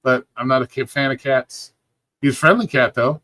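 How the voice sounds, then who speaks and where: A sleepy-sounding man hosts a livestream from home, chatting casually in a rambling, profane, laid-back way. His voice is mid-range and fairly quick, with a sharp tone.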